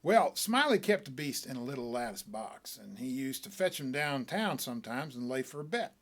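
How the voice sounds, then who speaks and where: A man reading a short story aloud as a folksy, animated tall-tale teller. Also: mid-range voice, normal speed.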